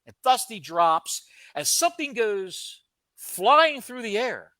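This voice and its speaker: A man co-hosting a podcast, telling a story in a casual, comic way with dramatic pauses. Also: very high voice, sing-song, bright, forceful tone, dry recording. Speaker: podcast co-host.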